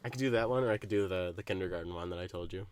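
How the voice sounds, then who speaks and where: A young man co-hosting a podcast, telling stories in a casual chat, animated, often laughing and swearing. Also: deep voice, racing, smooth. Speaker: podcast co-host.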